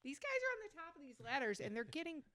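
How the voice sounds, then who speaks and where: A woman, a mother co-hosting a family podcast, explaining things in animated casual chat. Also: high voice, fast talker, dry recording.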